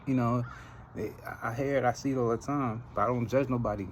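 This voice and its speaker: A Trinidadian man hosts a podcast in a loose, casual monologue. His voice sits in the middle of the male range, and he tells animated stories and laughs often. A faint background noise runs under the recording. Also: medium pitch, fairly quick, poor audio. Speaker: podcast host.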